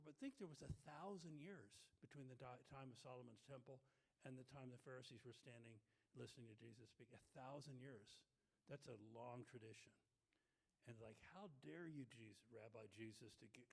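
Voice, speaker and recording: A man's voice: medium pitch, a little fast, gravelly, darkish tone. Man teaching with long hall reverb. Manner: thoughtful, explanatory, with frequent fillers and restarts. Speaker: Bible study teacher. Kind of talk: casual Bible study discussion.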